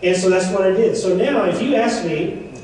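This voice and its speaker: A man's voice: high voice, normal speed, a little mellow, a little hiss or hum. A man giving a seminar talk, chatty and joking with playful asides. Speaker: seminar speaker. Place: event room. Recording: echoey room, mic far off.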